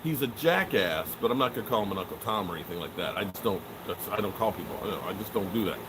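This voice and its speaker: A man's voice: on the low side, fast talker, noisy background. A middle-aged man hosting a sports live stream and joking his way through the chat in a loose, casual manner. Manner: joking, animated, swears and trails off often. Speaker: sports show host answering live chat.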